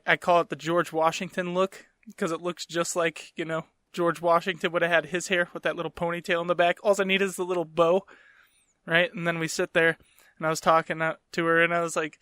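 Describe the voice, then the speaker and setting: A man's voice: sits high, bright, forceful tone, no room sound, studio quality. A man hosting a casual podcast, rambling and joking as he talks. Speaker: podcast host.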